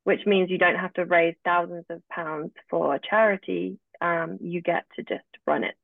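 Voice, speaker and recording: A woman's voice: fairly low pitch, fairly even intonation, moderate pace, gravelly, no echo. A woman, a guest telling her own story casually and often acting out what she said back then. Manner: chatty, often acts out her own past remarks. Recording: dry, tinny phone-like line.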